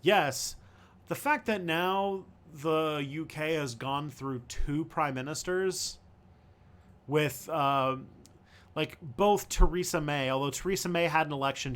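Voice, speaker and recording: A male host answering viewer questions on a casual livestream, thinking aloud in a halting way with many fillers and restarts. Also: fairly high pitch, fairly bright tone.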